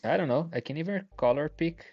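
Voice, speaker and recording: A man's voice: fairly high pitch, a little fast, darkish tone, no echo, highs cut off. A man, a guest artist, chatting casually and thinking aloud as he paints live. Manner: thinks aloud while working, hesitant.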